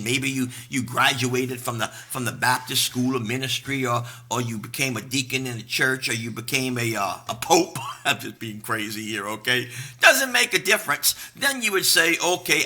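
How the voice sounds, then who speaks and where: A man's voice: medium pitch, pushed and bright, slightly rough. A man pastor preaching a casual live-streamed sermon, folksy and unpolished, greeting viewers by name. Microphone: live stream to a camera.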